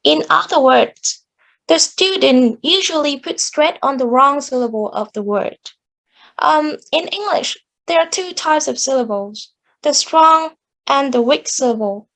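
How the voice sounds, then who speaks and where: A woman's voice: high voice, lively intonation, measured pace, gravelly, fairly bright tone, low-quality recording. A woman giving an academic presentation on English pronunciation, explaining carefully with small restarts. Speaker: student presenter.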